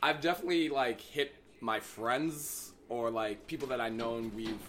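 A man's voice: mid-range voice, moderate pace, background noise. A young man as a guest on a casual podcast, talking candidly and animatedly with many fillers.

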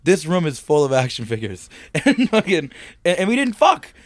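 A man's voice: fairly high pitch, wildly swooping pitch, normal speed, no echo. A man hosting a casual comedy podcast, ranting with heavy swearing and frequent laughter. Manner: profane, ranting, laughs often.

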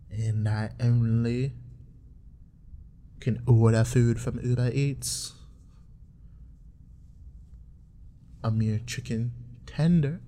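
A man's voice: medium pitch, mellow, slight background noise. A man voicing a lovesick country man from the bayou, reading his own letter aloud in a mock-solemn, melodramatic way.

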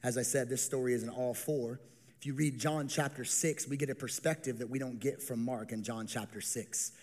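A young adult male pastor preaching a sermon, an animated storyteller who acts out the people in the story with humor. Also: mid-range voice, brisk, in a large hall. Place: church stage with long reverb.

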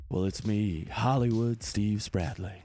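A man putting on a smooth late-night radio DJ persona over a phone call, drawing out his words slowly. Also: on the low side, steady tone, dark tone, faint music behind, voice pushed down. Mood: crooning. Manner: slow, drawn-out, crooning delivery.

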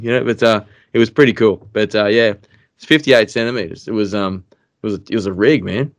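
An Australian man, a podcast guest, telling a story in casual chat, excitable and animated, trailing off into fillers. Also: mid-range voice, normal speed.

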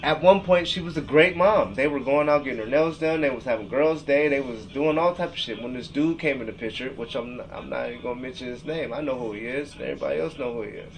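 A man's voice: medium pitch, fast, vocal fry, few pauses, low-quality recording. Profane ranting man reading texts aloud. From Seattle, US. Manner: profane, rambling, reads text messages aloud. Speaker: podcast host. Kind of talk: emotional rant.

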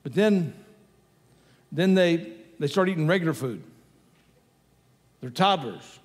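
A man's voice: fairly high pitch, animated, slow pace. A man preaching a sermon in a conversational way, repeating his key phrases for emphasis. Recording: long hall reverb with faint music.

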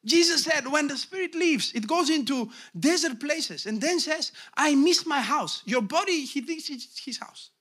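A middle-aged man preaching a sermon as pastor, emphatic, calling out to the congregation and swinging from low asides to shouted peaks. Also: lively intonation, moderate pace, hardly any pauses.

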